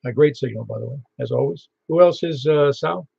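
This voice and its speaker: A man hosting a ham radio net in casual chat, chatty and quick to tell stories. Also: mid-range voice, gravelly, warm tone, husky. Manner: chatty, storytelling, laughs easily. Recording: muffled lo-fi radio audio.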